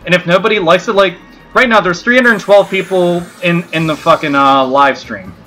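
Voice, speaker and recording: A man's voice: high-pitched, normal speed, pushed and bright, soft background music. A man hosting a gaming livestream, talking in a blunt, profane and rambling way, with many restarts. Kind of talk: casual livestream chat.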